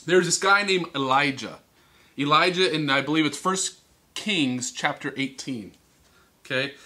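High-pitched animated youth preacher man. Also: a little slow. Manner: animated, acts out characters, teasing. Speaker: youth speaker. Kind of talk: youth sermon storytelling. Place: church hall.

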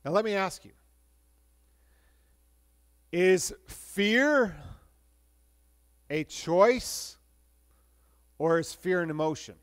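Pastor, male, high-pitched, conversational sermon delivery with restarts and hushed stretches. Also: extremely slow, long pauses. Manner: conversational preaching with restarts, shifting between lively and hushed.

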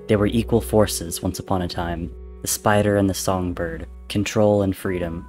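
A man giving a dramatic reading of a story, narrating in a steady, grave storytelling manner. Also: low voice, moderate pace, faint music behind. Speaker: reader. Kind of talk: dramatic reading of fan fiction.

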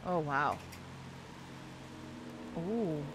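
Hoarse woman gamer, slow-paced, reactive commentary with lots of exclaiming, faint background noise. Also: low-pitched, lively intonation. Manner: reactive, exclaiming, talks to the game. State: hoarse, losing voice. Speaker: let's play gamer. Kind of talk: gameplay commentary.

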